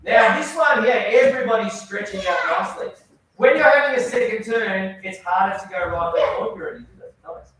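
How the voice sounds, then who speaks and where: In an indoor training hall, a man teaches a children's karate class, giving instructions and frequently praising his students. His voice sits high and sounds animated, a little fast and a bit bright. The hall is very echoey and the mic is far off.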